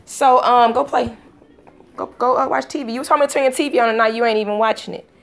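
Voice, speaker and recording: A woman casually telling a storytime vlog at home, acting out quotes with sudden pitch jumps and breaking off to talk to her young children. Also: fairly even intonation, fast, creaky. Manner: talks to her toddlers between story bits. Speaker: vlogger.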